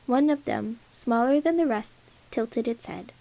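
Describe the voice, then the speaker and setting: A woman reading a legend aloud as a first-person storybook narration, measured and solemn. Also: fairly high pitch, expressive, gravelly, dark tone, rough recording.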